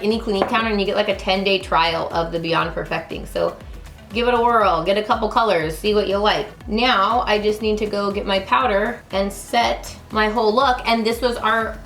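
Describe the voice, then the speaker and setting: A woman's voice: mid-range voice, fairly bright tone, echoey room. A woman in her thirties chatting through a makeup tutorial, bubbly and talking straight to her viewers. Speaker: beauty vlogger.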